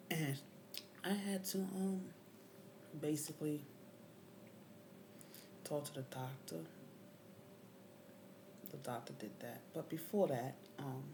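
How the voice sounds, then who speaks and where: A woman vlogger casually recounts a story, indignant and swearing, her voice often rising sharply to near-yelling. Her pitch is extremely low, and the background is noisy.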